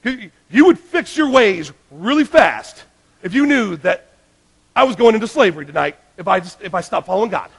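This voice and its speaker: A male pastor preaching a sermon, emphatic, swinging between loud urgent lines and hushed ones. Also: high voice, expressive, normal speed, creaky, slightly rough.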